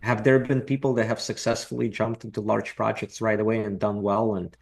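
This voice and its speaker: A man's voice: lowish voice, little pitch movement, brisk, creaky. A middle-aged man from Russia, a real estate investor talking as a podcast guest in a reflective, repetitive way with dry jokes. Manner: reflective, repeats words, dry joking. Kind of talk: casual interview talk.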